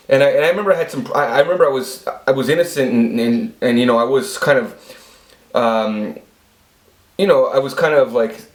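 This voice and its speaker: Guy in his 40s rambling crude stories at his own camera, lots of swearing, echoey room. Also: medium pitch. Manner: profane, rambling anecdotes. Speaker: vlogger. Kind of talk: casual storytelling monologue. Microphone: self-filmed camera.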